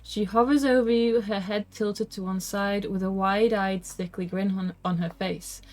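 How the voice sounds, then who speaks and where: A woman's voice: mid-range voice, fairly even intonation, moderate pace. Woman casually co-playing a gamebook. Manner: casual, playful remarks. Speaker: co-player and reader. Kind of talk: reading a gamebook aloud, livestream play.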